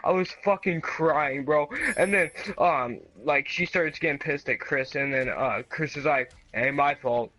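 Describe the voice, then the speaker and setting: A man telling a school story to friends in a casual chat, animated and swearing a lot. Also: fairly high pitch, a little slow, hardly any pauses, dry recording, dull audio. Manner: animated, swears a lot, acts out quotes loudly. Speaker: podcast co-host.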